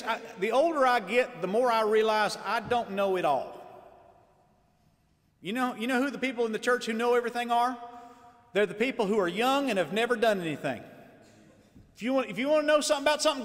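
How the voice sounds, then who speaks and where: A man preaching a fiery sermon, swinging between shouted lines and low, emphatic asides. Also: in a large hall.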